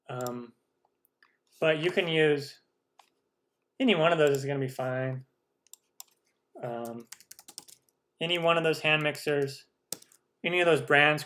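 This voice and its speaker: Cooking guy answering viewers live, chatty and excited, voice sits a bit high. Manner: chatty, enthusiastic, reads out viewer questions. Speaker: cooking channel host. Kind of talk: live stream Q&A.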